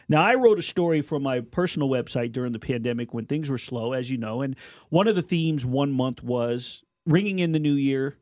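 A man's voice: mid-range voice, a little mellow, dry recording, studio quality. A man co-hosting a sports talk show, explaining his point at length with restarts and a casual, earnest manner. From Colombian and Lebanese heritage. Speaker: sports radio host.

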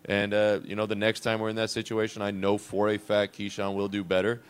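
Man, low voice, smooth resonant tone, basketball coach, reflective unscripted talk. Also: completely flat delivery, brisk. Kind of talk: conversational coach's show interview.

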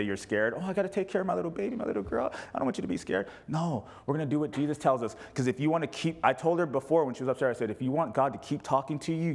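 A man preaching to his congregation in a loose, conversational way. He is animated and playful, and he slips into quoted voices as he talks. His pitch sits in the middle range. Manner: animated, jokey, acts out quotes. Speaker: pastor. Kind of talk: sermon with congregation questions.

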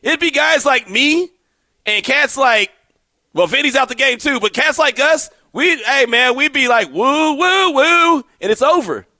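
A middle-aged man hosting a radio show, teasing and animated in casual banter, laughing often. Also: very high-pitched, normal speed, no echo, clean studio sound.

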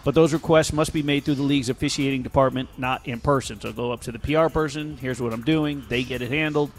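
A man co-hosting a casual sports talk show, calmly explaining a news item with small hedges. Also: medium pitch, fast, faint music behind. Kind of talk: casual sports radio chat.

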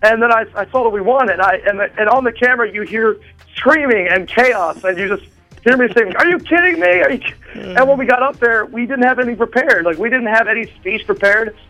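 Brief: high-pitched rambling male guest on a phone call, faint music behind. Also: a little fast, sharp tone. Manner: rambling, with many fillers and restarts. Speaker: drummer interviewed as a guest. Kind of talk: excited phone interview chat. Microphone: phone line.

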